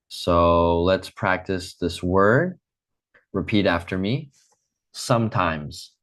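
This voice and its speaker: A man teaching an English lesson online, speaking slowly and patiently, modelling phrases for students to repeat. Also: deep voice, fairly bright tone.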